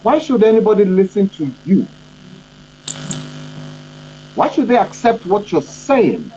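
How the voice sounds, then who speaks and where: Male trainer, high mellow voice, emphatic and repetitive teaching, dull lo-fi recording. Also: very animated, a little slow. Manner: emphatic, repetitive, asks "you understand?". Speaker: communication trainer and coach. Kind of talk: instructional talk. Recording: dull lo-fi audio with faint electrical hum.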